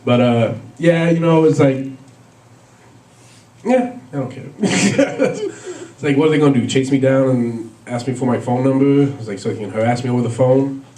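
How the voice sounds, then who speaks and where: A man's voice: mid-range voice, sing-song, normal speed, dark tone, reverberant, far from the mic, rough recording. A man doing a stand-up comedy set, rambling through stories with lots of fillers and laughs at his own jokes. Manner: rambling, filler-heavy storytelling with frequent laughs.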